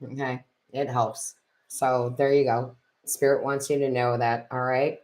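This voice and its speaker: A woman's voice: a bass voice, level tone, measured pace, darkish tone. Emotional woman reading tarot live. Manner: emotional, effusive, tearful exclamations. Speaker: tarot reader and medium. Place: home room. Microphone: built-in computer camera mic.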